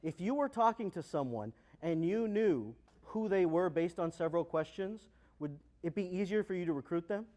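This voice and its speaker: High-voiced man giving a lively keynote. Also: normal speed. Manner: energetic, asks the audience questions, acts out dialogue. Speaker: keynote speaker. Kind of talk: motivational keynote speech. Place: large conference hall.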